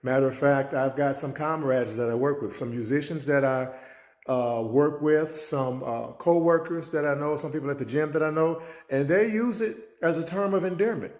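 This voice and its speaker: A man's voice: fairly high pitch, normal speed, darkish tone, echoey room. A man who is a teacher and mentor, telling a story as a life lesson and acting out the dialogue. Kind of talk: spoken life-lesson talk.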